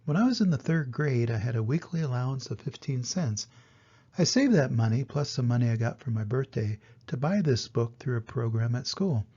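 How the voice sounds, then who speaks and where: An older man reading a children's storybook aloud, gentle and expressive, in a dull lo-fi recording. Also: mid-range voice, normal speed, slightly rough. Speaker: storybook reader.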